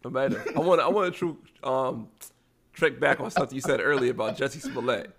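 A man with a gravelly, fry-edged voice, chatting casually as a podcast co-host. He tells stories with animated quoted voices, in a middle pitch. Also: a little fast, a loud crowd. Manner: animated storyteller acting out quotes. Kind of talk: casual storytelling chat.

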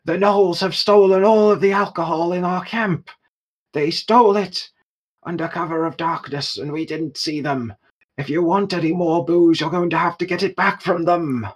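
A man voicing a cunning woman adventurer in a tabletop game, speaking in a flattering, pleading voice. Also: moderate pace. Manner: pleading, flattering, higher-pitched.

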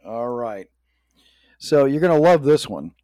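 A man's voice: mid-range voice, animated, unhurried, warm tone. A man co-hosting a casual chat, easygoing, asking playful questions and laughing often. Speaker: podcast co-host.

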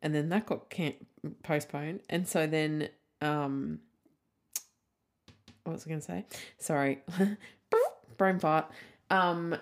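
Speaking slowly and pausing often, a woman in her thirties uses a low, fairly even voice. It's a casual solo podcast where she rambles candidly, full of "like" and the occasional swear word.

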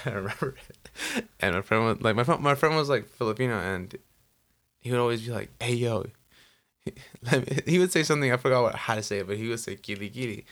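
Speaking in a mid-range, slightly bright voice, a man co-hosts a Los Angeles podcast, chatting casually and rambling with plenty of "like" and "you know."

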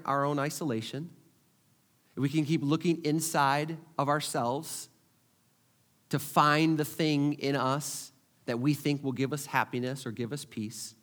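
A middle-aged man preaching a sermon as a pastor, animated, repeating his phrases and asking the crowd questions. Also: a little high.

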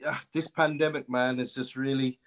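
A man speaking as a guest on a stream, halting and repetitive, with frequent fillers. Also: medium pitch, little pitch movement, fairly bright tone. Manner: halting, with many fillers and repeated words. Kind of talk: casual conversation on a stream.

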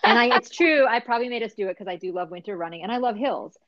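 A woman in casual conversation, telling a story in an animated, chatty way with many fillers. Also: a little high, fast talker, very noisy. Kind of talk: casual chat. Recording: dry, slightly dull sound.

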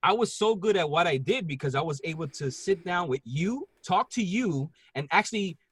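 A man with a Puerto Rican accent, telling a story in casual podcast chat, profane and animated. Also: high voice, moderate pace, slightly rough, no echo. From Puerto Rico.

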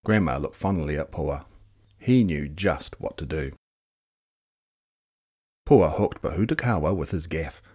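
A man reading a picture book aloud with lively storytelling. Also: a little slow, long pauses, husky. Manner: lively storytelling with high voices for characters. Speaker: storybook reader.

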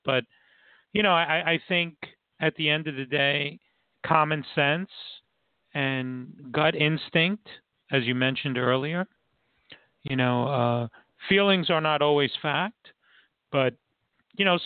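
A man hosting a casual interview, halting and full of "you know" fillers. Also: mid-range voice, dry recording. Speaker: talk show host. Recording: dry, tinny phone-line sound.

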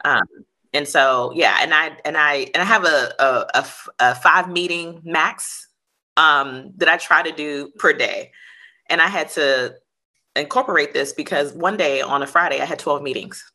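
A woman's voice: sits low, normal speed, bright, forceful tone. A woman, a tech company's chief executive, answering interview questions in a thoughtful way with frequent restarts. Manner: thoughtful, many restarts and fillers. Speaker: tech company CEO, guest.

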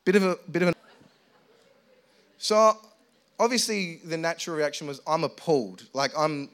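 A man's voice: on the high side, moderate pace, fairly bright tone. Playful young preacher man. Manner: playful, self-mocking, chatty with the audience. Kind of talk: humorous sermon story.

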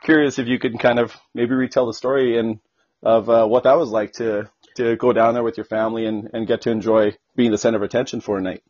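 A man's voice: medium pitch, level tone, fast talker, darkish tone, highs cut off. A man hosting a podcast, talking in a loose, chatty, conversational way as he introduces and interviews a guest. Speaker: podcast host.

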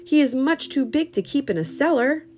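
A brisk, helpful policeman from a storybook, speaking up loudly with lively swings, as a woman reads him. Soft music plays behind. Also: sits high, voice pushed up. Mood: surprised.

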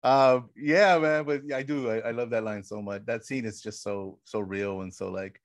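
A man co-hosting a podcast, casually retelling film scenes with lively quoted lines and frequent "bro". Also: medium pitch, normal speed, dry recording, clean studio sound. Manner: animated storyteller, says "bro" often. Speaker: podcast co-host.

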